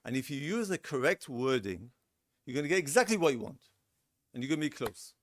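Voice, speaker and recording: A man's voice: mid-range voice, sing-song, a little fast, dry recording, clean studio sound. A middle-aged man lecturing a seminar in a conversational way, acting out example lines and repeating his words. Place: lecture room.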